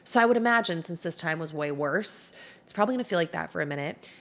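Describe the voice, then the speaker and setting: A woman vlogger telling a personal story to camera in a chatty, animated, self-described dramatic way, seated indoors. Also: low-pitched, fast talker. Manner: chatty and animated, heavy use of "like". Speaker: YouTuber.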